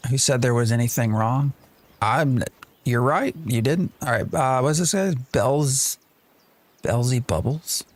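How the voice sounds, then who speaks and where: Streaming a game live, a man chats and thinks aloud as he plays, answering his chat along the way. His voice sits at medium pitch and moves at a moderate pace.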